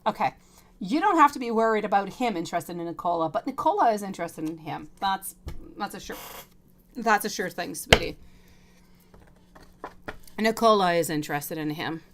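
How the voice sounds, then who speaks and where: A woman's voice: mid-range voice, lively intonation, moderate pace, long pauses, fairly bright tone, slight background noise. Chatty woman doing a live tarot reading. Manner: chatty, calls viewers sweetie. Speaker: tarot reader.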